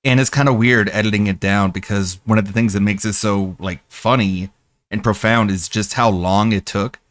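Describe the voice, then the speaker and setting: A man's voice: on the low side, fairly even intonation, normal speed, fairly bright tone. A man on a stream chatting casually about the video he is editing. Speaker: stream co-host and video editor. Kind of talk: casual chat.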